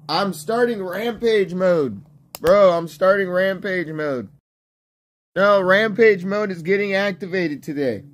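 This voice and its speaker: A man streaming gameplay, crude and rowdy, chattering to himself and bursting into shouts. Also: high-pitched, slow. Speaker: livestreamer. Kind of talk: profane livestream gameplay chatter.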